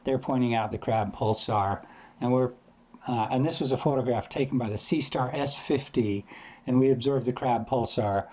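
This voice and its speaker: This astrophotography educator speaks in a warm, mid-range voice at a moderate pace. He keeps the lesson casual and conversational, now and then mimicking sounds to get an idea across.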